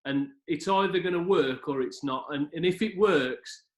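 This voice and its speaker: A man's voice: a little high, moderate pace. A man chatting casually on a video call, often asking for agreement. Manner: chatty, laughs easily, asks for agreement. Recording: echoey room on a video call.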